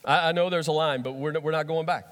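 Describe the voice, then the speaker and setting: A man voicing a calm, resolute teacher who speaks in measured, firm phrases. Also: a little high, lightly acted. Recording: long hall reverb.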